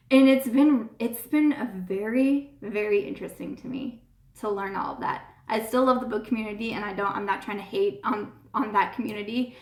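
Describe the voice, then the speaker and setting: Woman, YouTuber, casual live chat, gushing, earnest, repeats herself, slightly high voice, roomy echo.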